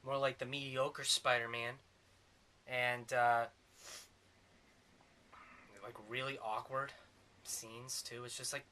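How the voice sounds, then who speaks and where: A man's voice: mid-range voice, flat delivery, slow pace, pauses often, bright, forceful tone. A man giving a sarcastic, rambling comedic movie review.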